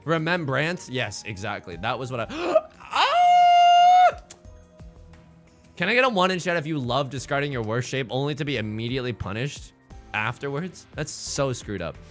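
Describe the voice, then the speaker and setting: Animated man streaming mahjong. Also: mid-range voice, brisk, soft background music. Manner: theatrical, swings between mock outrage and laughter. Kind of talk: live gameplay commentary to chat.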